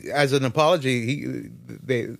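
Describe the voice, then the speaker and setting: A man's voice: mid-range voice, normal speed, gravelly, slight background noise. A man co-hosting a casual podcast chat, blunt and swearing casually. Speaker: podcast co-host.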